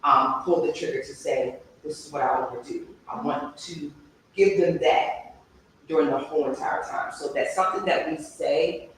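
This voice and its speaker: A woman's voice: low-pitched, moderate pace, a little hiss or hum. A woman hosting a live-stream talk show, speaking emphatically and repeating words for stress. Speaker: livestream show host. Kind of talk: casual live-stream conversation. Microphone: remote live-stream setup. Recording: echoey room, voice from far off.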